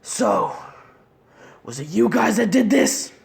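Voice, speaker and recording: A woman's voice: medium pitch, takes it slowly, vocal fry, pitched above the performer's own voice, heavily acted. Woman doing a cold, curt ninja boy. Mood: menacing. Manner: curt, dismissive, flat. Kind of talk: fan story read-through.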